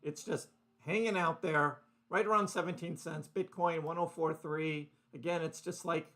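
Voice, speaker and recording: A man with a fairly high voice and a gravelly, crackly edge hosts a loose live market stream. He rambles in a chatty way, laughs often and speaks to viewers in the chat by name. He talks into a desk microphone. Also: moderate pace, bright, forceful tone. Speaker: crypto livestream host. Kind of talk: casual live market commentary.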